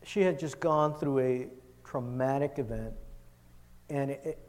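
A man preaching a sermon, impassioned, swinging from loud emphasis to hushed urgency as he retells a scripture story. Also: medium pitch, measured pace, long reverb tail.

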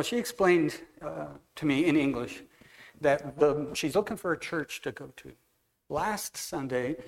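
A man preaching a relaxed, anecdotal sermon to a church congregation, telling stories and talking with people in the room. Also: fairly high pitch. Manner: conversational, anecdotal, walks among the congregation. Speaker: guest preacher. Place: church hall.

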